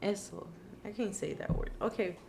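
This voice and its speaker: A woman's voice: medium pitch, normal speed, vocal fry, background noise. A tired woman co-hosting an eating show in casual chat, giggling and losing her train of thought. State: tired from no sleep. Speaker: mukbang co-host.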